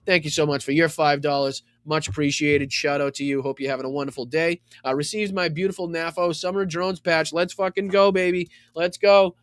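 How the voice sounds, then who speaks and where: A man's voice: a little high, steady tone, brisk, few pauses, a bit bright, no echo, clean studio sound. Effusive rambling Boston man. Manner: rambling, filler-heavy, effusive gratitude; profane asides. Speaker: podcast host. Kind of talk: casual thank-you segment.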